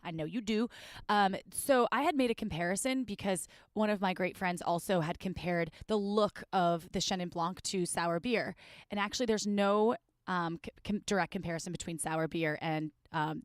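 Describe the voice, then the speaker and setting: A woman with a Midwestern accent, from Wisconsin, co-hosting a casual podcast, chatty and quick to correct herself with a laugh. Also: lowish voice, no echo, clean studio sound. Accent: Midwestern American. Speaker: podcast co-host.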